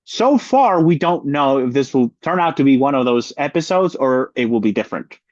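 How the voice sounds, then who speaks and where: A man's voice: mid-range voice, animated, normal speed, darkish tone, no room sound, highs cut off. A man working as a market analyst, talking through charts in a weekly update, often repeating and rephrasing his points.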